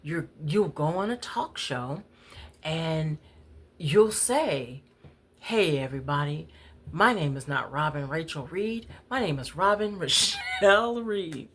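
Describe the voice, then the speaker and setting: A woman voicing her mother, who calmly and patiently reassures a crying child. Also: low voice, measured pace, husky, voice pushed up, exaggerated voice. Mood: soothing. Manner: calm, reassuring.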